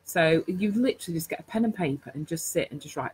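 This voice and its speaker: A woman's voice: low voice, animated, fast, darkish tone, slight background noise, poor audio. A woman hosting a live stream, chatty and rambling, full of fillers and self-corrections as she teaches. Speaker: host.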